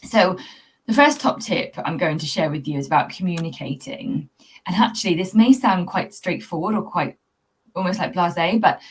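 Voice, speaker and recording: A woman coaching pet owners in a talk-to-camera video, speaking in an earnest, reflective, gently spiritual way. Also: on the low side, husky. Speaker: cat anxiety coach. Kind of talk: talking-to-camera tips video.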